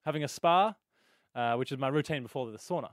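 An Australian man co-hosting a radio show, telling stories in chatty, animated banter. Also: medium pitch, fast talker, no echo, clean studio sound. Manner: animated storyteller, chatty with fillers and laughs. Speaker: radio co-host. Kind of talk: casual banter on breakfast radio.

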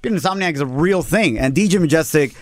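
An upbeat male morning radio host, his voice a touch high as he tells a story to his co-hosts. He chats casually and breaks into laughs, recorded dry and close on a studio mic. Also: expressive, fast, no room sound. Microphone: studio broadcast mic.

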